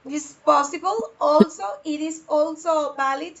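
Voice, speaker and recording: Woman teacher, online English class; high voice, unhurried delivery, dull lo-fi sound. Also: steady tone, over a noisy crowd. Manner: slow, drawn-out modelling of questions. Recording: dull lo-fi audio.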